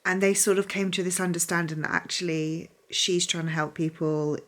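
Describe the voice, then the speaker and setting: A woman's voice: fairly low pitch, steady tone, moderate pace. A woman talking casually as a book vlogger, gushing and chatty with lots of fillers. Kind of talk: casual reading vlog.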